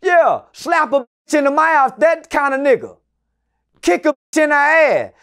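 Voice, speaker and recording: A man in his forties telling stories as an interview guest, loud and profane, often shouting and then dropping into low muttered asides. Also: very animated, measured pace. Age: 40s. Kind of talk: animated storytelling in an interview.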